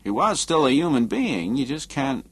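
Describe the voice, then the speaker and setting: Man voicing an earnest moralizing gentleman, mildly protesting, audiobook character. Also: medium pitch, sing-song, moderate pace, breathy edge, dry recording, pitched above the performer's own voice.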